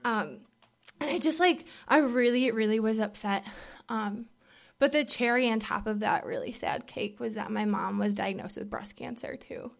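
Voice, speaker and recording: Young woman giving a halting faith talk. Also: fairly high pitch, gravelly. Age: young adult. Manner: candid, halting, full of fillers; drops to a whisper at moments. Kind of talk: personal testimony talk.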